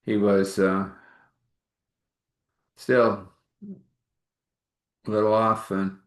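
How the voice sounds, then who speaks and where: Brief: man with a lowish voice, casual spoken storytelling, halting and rambling. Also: little pitch movement. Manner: halting, rambling, with many restarts and fillers.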